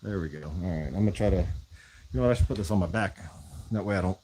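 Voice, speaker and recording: A knife maker making relaxed, rambling asides to a live chat as he works in his workshop. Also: sits low, fast talker, a little hiss or hum. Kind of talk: casual chat while working.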